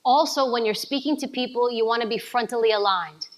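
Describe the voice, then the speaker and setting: A woman from New giving an energetic coaching talk to a live audience, asking them questions. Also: a little high, fairly quick. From New York City. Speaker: speaker at a summit.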